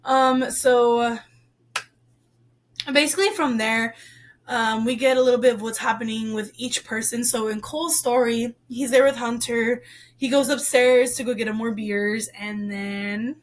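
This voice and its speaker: High-voiced young woman rambling about a book. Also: a little slow. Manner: rambling, heavy use of "like" and "um"; expressive, gets worked up. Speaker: book reviewer. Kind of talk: casual book review chat.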